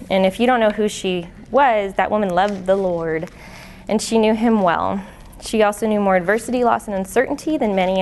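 A medium-pitched woman, a lay speaker in her late twenties, shares an earnest testimony teaching with a live church audience. Her delivery is conversational and full of fillers and restarts, with slight background noise on the handheld or stand mic.

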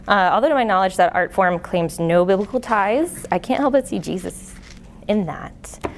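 Speaking in a mid-range voice, this late-twenties woman offers an earnest, conversational testimony teaching before a live church audience, full of fillers and restarts. She's a lay speaker on a handheld or stand microphone, with slight background noise at the venue.

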